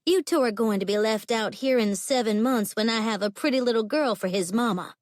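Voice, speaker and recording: A woman voicing a bubbly, pregnant young ranch woman with a chirpy, high drawl. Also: brisk, no room sound, studio quality, natural voice.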